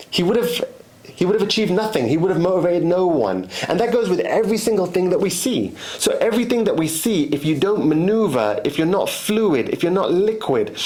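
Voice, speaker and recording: A man's voice: high voice, a little mellow. A man giving a motivational monologue as host, emphatic and repetitive, often restarting his sentences.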